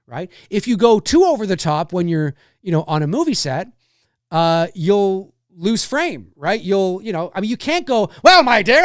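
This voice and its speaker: A man's voice: sits high, no room sound, studio quality. Rambling man in his forties hosting a stream. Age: 40s. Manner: rambling, loose, many fillers and restarts. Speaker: live-stream host answering chat. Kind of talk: casual chat.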